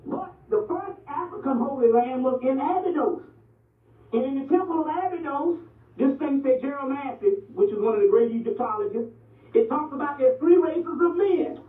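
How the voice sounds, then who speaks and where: A man with a high-pitched voice lectures bluntly, profanity and all, and keeps checking that his listeners follow him. He sounds thin and phone-like, as if he is far from the microphone in an echoing room. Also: lively intonation, moderate pace. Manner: blunt and profane, repeatedly asks "you see what I'm saying". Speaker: lecturer on ancient Egyptian history and religion. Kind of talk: animated street-talk lecture. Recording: distant, echoey, phone-like lo-fi recording.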